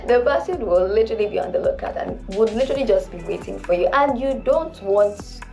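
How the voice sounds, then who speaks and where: Nigerian woman diction coach, slow, emphatic delivery over soft background music. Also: medium pitch, animated, gravelly. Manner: deliberate, emphatic, demonstrative. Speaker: diction instructor. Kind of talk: instructional video lesson.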